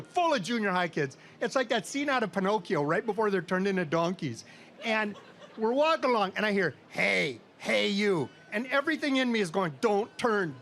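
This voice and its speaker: A middle-aged man from Minnesota telling a comic story with dry, deadpan timing to a live audience at an outdoor state fair stage. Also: high-pitched, slight background noise.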